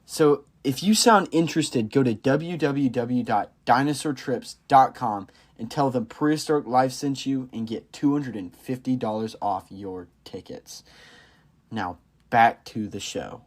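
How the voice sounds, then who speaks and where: A man reads a sponsor spot for a podcast. His delivery is smooth and scripted, at a middle pitch. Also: unhurried. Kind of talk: read sponsor ad.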